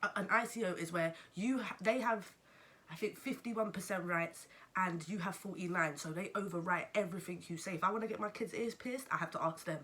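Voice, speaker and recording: A young woman with a London accent, telling a story to camera in a casual, animated way and swearing freely. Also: lowish voice, fairly quick. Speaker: vlogger.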